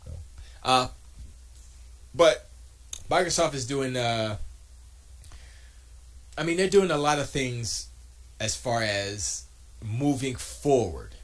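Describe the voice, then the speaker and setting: A man streaming from his home studio, chatting casually and answering his chat, joking and arguing in an animated way. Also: medium pitch, takes it slowly, long pauses.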